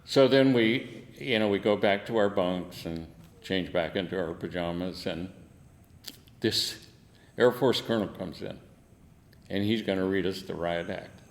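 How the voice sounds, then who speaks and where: A man's voice: deep voice, a little slow, long reverb tail. An older man, a veteran, telling war stories in an oral history interview, salty and laughing, acting out the quotes. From United States.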